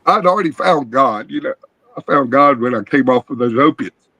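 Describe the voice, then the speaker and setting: A man's voice: mid-range voice, normal speed, dry recording, rough recording. A middle-aged man, earnestly telling a rambling personal testimony on an open video call panel. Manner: rambling, earnest, animated storytelling. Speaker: guest caller.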